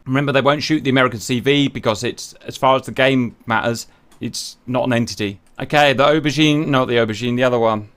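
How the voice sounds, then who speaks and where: A man commentating a simulated naval battle to his viewers, animated and jokey, swearing as things go wrong. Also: mid-range voice, fast talker. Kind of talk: excitable game commentary.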